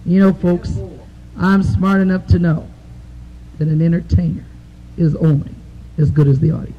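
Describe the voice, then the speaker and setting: This female stand-up comedian speaks on the low side with fairly even intonation and a moderate pace, telling crude, folksy jokes in a drawl full of "you know." She's performing live on a club stage before an audience, captured on dull-sounding old tape with faint hiss.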